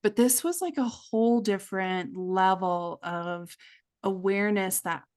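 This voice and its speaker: Middle-aged woman, candid guest storyteller, earnest, mid-pitched, quotes voices. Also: unhurried, a little mellow, clean tone. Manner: earnest, acts out quoted voices, many fillers. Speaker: podcast guest, coach.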